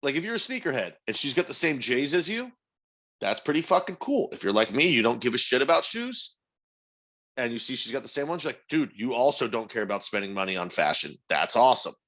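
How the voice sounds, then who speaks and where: A man's voice: medium pitch, very animated, a little fast, sharp tone. A man co-hosting a podcast, talking in a casual, opinionated way and swearing freely. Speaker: podcast co-host. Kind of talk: casual chat.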